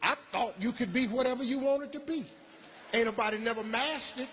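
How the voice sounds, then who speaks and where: A man doing stand-up comedy, telling a childhood story in a profane, animated way and acting out the people in it. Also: extremely high pitch, fairly quick, in a large hall, slight background noise. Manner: profane, animated, acts out characters.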